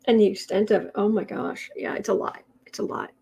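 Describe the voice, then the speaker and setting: A woman's voice: medium pitch, steady tone, a little fast, creaky, slight background noise, rough recording. A woman hosting a tarot and astrology livestream, chatting casually and reading out viewer comments with rambling restarts. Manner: chatty, rambling, with frequent restarts and soft laughs.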